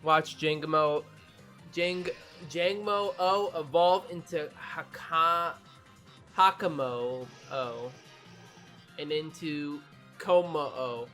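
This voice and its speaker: A gaming YouTuber who just woke up gives an excitable, swearing reaction to a game trailer and stumbles over new names. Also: medium pitch, extremely slow, long pauses, soft background music. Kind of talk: casual reaction commentary.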